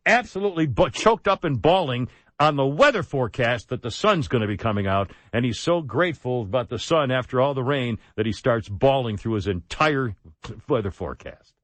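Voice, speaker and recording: A man's voice: medium pitch, animated, fairly quick, a bit bright, dry recording. A man hosting a radio talk show in a casual chat style, rambling and self-mocking, on a studio microphone.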